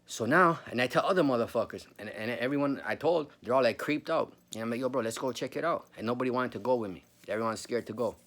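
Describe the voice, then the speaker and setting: A man's voice: mid-range voice, fast talker, few pauses, a bit bright. A man in his forties telling a spooky personal story in a rambling, profane, casual way, calling the listener bro.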